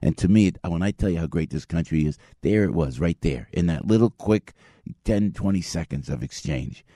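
A man's voice: low-pitched, lively intonation, normal speed, mellow, no echo, studio quality. A middle-aged man hosting a morning radio show, telling stories in a chatty way and laughing often. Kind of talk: casual morning radio chat.

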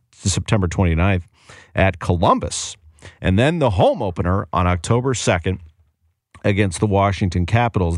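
A man's voice: low voice, a little mellow, no echo. Enthusiastic male sports radio host, dry studio. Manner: brisk, enthusiastic run-through of scores and schedules. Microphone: studio microphone.

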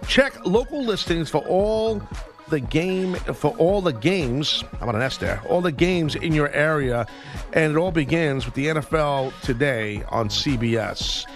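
A man's voice: on the high side, unhurried, soft background music. A man hosting a sports radio talk show, telling a long story and acting out every voice in it. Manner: animated storyteller acting out both sides of a confrontation.

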